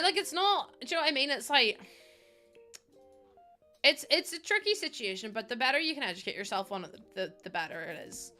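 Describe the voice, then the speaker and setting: A woman's voice: on the high side, pushed and bright. A young woman streaming a game from home, talking in a chatty, rambling way and laughing often. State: pregnant. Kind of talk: casual live-stream chat.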